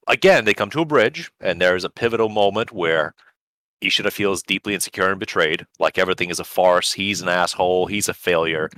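A man co-hosting a podcast in casual chat, animated and breaking into high excited emphasis, speaking English as a second language. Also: no room sound. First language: not English. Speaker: podcast co-host.

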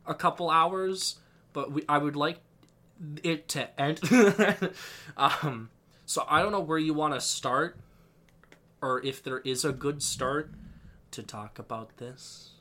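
A man chatting casually as a podcast co-host, excitable and rambling, laughing often. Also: on the high side, takes it slowly. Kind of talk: casual chat.

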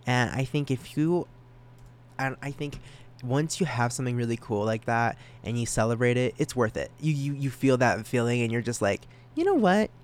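A young man hosting a solo podcast, talking casually, excited and self-conscious, stammering through restarts and rambling. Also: mid-range voice, normal speed. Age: young adult. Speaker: podcast host.

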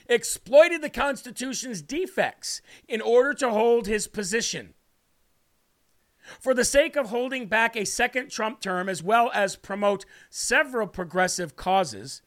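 A man hosting a political commentary livestream, mocking and ranting with bursts of shouting. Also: high voice. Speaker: livestream host.

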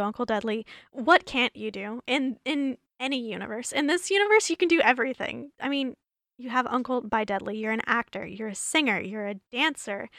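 A woman's voice: on the high side, fairly bright tone, dry recording. Female podcast host, giggly rambling chat, tired worn-out voice, dry close-miked sound. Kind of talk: casual solo podcast chat.

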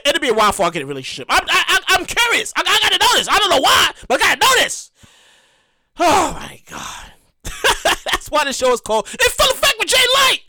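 A young podcast host with an extremely high-pitched voice launches into a rambling, profane, comedic rant. He's excitable and repetitive, and the recording has no room sound.

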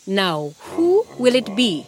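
A woman's voice: medium pitch, very animated, takes it slowly, a little hiss or hum. A woman voicing a grave male hornbill who leads the forest animals in a children's storybook. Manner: grave, announcing. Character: grave, peace-loving male hornbill leader.

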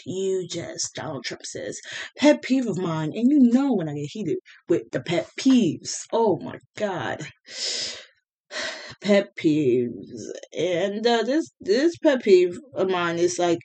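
A woman's voice: lowish voice, a little mellow, husky. A woman hosting a casual solo podcast, ranting bluntly and heatedly with swearing and plenty of fillers. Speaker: podcast host.

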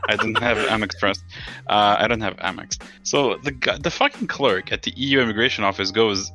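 A man's voice: lowish voice, expressive, a little fast, sharp tone, soft background music. A man co-hosting a casual podcast chat, blunt, joking and swearing freely. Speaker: podcast co-host.

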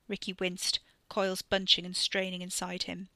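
A woman narrating a serialized audiobook story in a measured, literary way. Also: fairly low pitch, monotone, sharp tone, dry recording. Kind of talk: scripted narration.

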